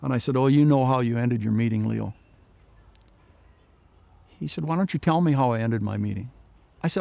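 A man's voice: medium pitch, moderate pace, gravelly, long pauses, warm tone, no echo. A man giving an earnest personal testimony in an interview, retelling past conversations with many "I said" tags. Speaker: guest sharing his faith story.

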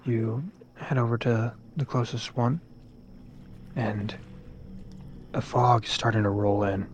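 A man running a tabletop game as game master, with slow, measured narration. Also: medium pitch, fairly even intonation, darkish tone, muffled recording. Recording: noisy recording.

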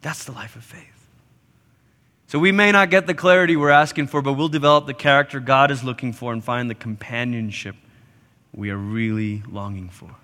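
Male pastor, sermon, bright ringing voice, animated, acts out voices, reverberant hall. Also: a little fast. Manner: animated, acts out quoted voices with big pitch jumps. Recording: live church hall reverb.

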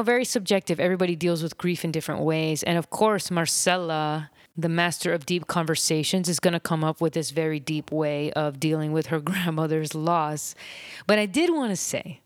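Low-voiced woman podcaster, reflective and unedited. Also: dry recording, clean studio sound. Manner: reflective, rambling, with soft laughs and pauses. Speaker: podcast host. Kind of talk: unedited personal podcast monologue.

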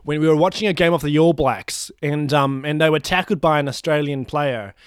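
A man's voice: fairly high pitch, a little fast, clear, resonant tone, no room sound, clean studio sound. A man bantering on a comedy podcast, telling absurd made-up stories with a straight face. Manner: deadpan absurd storytelling. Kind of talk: improvised comedy chat.

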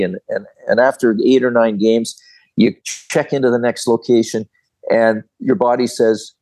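An older man, a former hockey referee, telling personal stories as an interview guest in an animated, folksy way. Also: medium pitch, normal speed. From Canada. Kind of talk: storytelling in an interview.

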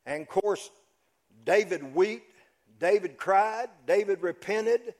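A preacher delivers his sermon as a dramatic story. His voice is higher than usual for a man, and he takes his time, swinging from loud to hushed. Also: slow. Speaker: pastor.

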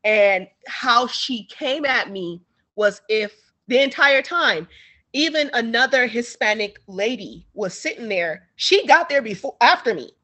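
A woman author being interviewed, telling a story in a casual, animated way and acting out the people in it. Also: fairly high pitch, a little slow. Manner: animated, acts out the people in her stories.

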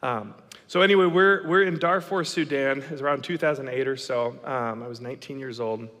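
A man in his thirties telling a story to an audience, animated and dramatic, acting out the lines of the people in it. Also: medium pitch, brisk. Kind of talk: storytelling talk. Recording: long reverb of a hall.

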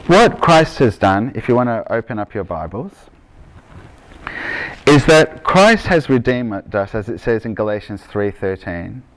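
A man's voice: lowish voice, big pitch swings, unhurried. A man with an Australian accent, raised in Argentina, preaching a sermon in a casual, storytelling way that keeps checking in with the congregation. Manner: conversational, checks in with "okay?" and "right?".

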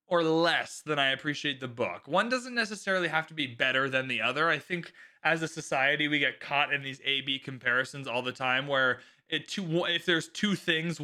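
A man hosting a solo podcast in a loose, chatty way, full of likes and the odd swear word. His voice is bright and forward, sitting a little high for a man, and his pitch swings widely as he talks. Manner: animated, swears freely, lots of likes. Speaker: podcast host. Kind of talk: casual solo podcast talk.

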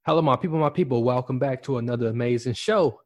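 A man's voice: medium pitch, fast, darkish tone, no room sound. A man hosting a podcast in casual motivational talk, rambling, with lots of fillers and repeated words. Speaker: podcast host.

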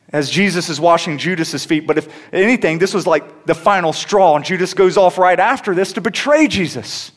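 Younger guy preaching, chatty sermon, lots of restarts, slightly high voice. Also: moderate pace, hardly any pauses. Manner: conversational, with many restarts and rising emphasis. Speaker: pastor.

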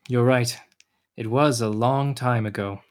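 A young actor playing a tired, gentle uncle in a radio drama, patient but quick to flare. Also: male voice, mid-range voice, steady tone, lightly acted. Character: uncle Gio, weary, tender, short-tempered.

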